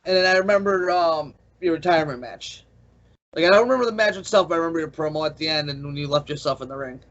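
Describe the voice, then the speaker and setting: A man's voice: a little high, a bit bright. A man co-hosting a podcast, eagerly recalling old backstage stories and laughing along. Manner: rapid, eager storyteller who laughs along. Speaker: podcast co-host. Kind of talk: casual chat, recalling stories. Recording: muffled lo-fi recording.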